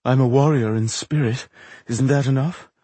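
A man's voice: mid-range voice, fairly even intonation, normal speed, warm tone, dry recording, voice pushed up, natural voice. A man doing a wounded flirtatious showman. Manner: florid, gallant. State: pained, gasping. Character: wounded flirtatious male actor, theatrical.

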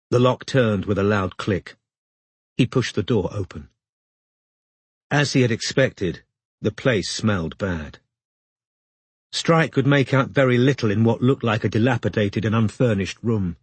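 A man narrating an audiobook in a measured, even reading. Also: lowish voice, husky, dry recording.

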